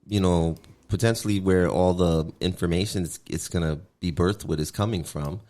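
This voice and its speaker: Male podcast co-host with a lowish voice and a loose, profane style. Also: fairly even intonation, normal speed, mellow. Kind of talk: casual chat.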